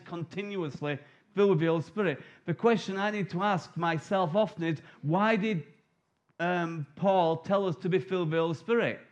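A middle-aged man preaching a sermon, telling the story vividly and acting out the disciples' lines in quick asides. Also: sits high, highs cut off.

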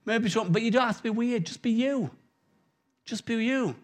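A middle-aged man preaching an informal sermon, telling stories with big swings from loud to hushed. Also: extremely high pitch, normal speed.

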